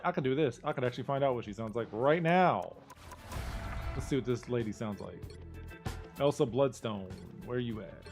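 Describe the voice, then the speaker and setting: A man's voice: mid-range voice, lively intonation, moderate pace, darkish tone, faint music behind. A man streaming live, chatting casually in a playful, self-mocking way.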